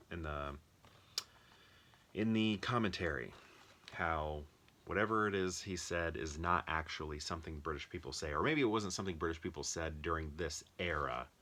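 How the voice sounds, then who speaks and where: A man's voice: low voice, bright, forceful tone. A young American man chatting casually about his movie collection, thinking aloud with lots of ums and restarts. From United States. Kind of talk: casual rambling commentary.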